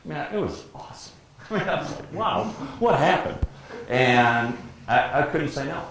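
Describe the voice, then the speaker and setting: An older man from Detroit, USA, a professional sportscaster appearing as a guest speaker, tells anecdotes in a very echoey hall with faint background noise. His voice is medium-pitched and moderately paced, and he's a lively storyteller who acts out quotes and laughs often.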